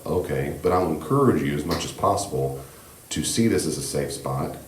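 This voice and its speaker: A man teaching a church class on grief, speaking in a gentle, reassuring, conversational way with frequent asides, on a handheld microphone in a church meeting room. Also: very deep voice, expressive, moderate pace. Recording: echoey room with faint background hiss.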